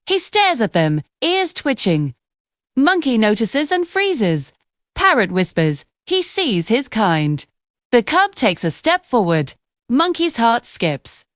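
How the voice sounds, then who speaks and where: A woman reading scripted narration for a children's cartoon story in an expressive storytelling manner. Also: on the high side, takes it slowly, dry recording, studio quality.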